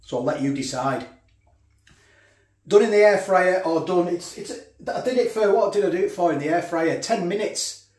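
A man's voice: sits high, animated, normal speed, a little mellow, reverberant. A man casually reviewing food for his vlog, chatting while he eats. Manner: chatty, talks while eating. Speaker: food vlogger.

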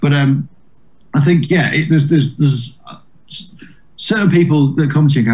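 A man's voice: fairly high pitch, moderate pace, darkish tone. A male comedian, a guest on an interview podcast, telling casual anecdotes in a rambling way with many restarts and "like"s.

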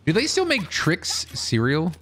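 A joking streamer chatting with his teammates, his voice swinging far up and down in pitch as he riffs. Faint keyboard and mouse clicks sit under his talk. He slides into playful mock commentary now and then. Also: wildly swooping pitch, unhurried, a bit bright, a little hiss or hum. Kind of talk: casual gaming chat with friends.

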